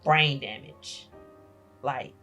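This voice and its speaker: A middle-aged woman, a grandmother, telling a painful personal story as a podcast guest, halting and emotional, repeating her phrases. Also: very deep voice, fairly bright tone, faint music behind.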